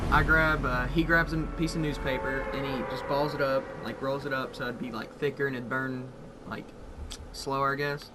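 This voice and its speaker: A young man telling a story in a casual, rambling way, swearing constantly and getting excited at the wild parts. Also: medium pitch. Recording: audible background noise.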